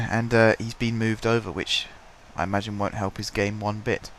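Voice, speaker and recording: A man casually commentating his own football management game, his voice stuffy and blocked up, chatty and self-mocking, clearing his throat now and then. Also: on the low side, fairly even intonation, moderate pace. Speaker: gaming commentator. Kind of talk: casual let's-play commentary.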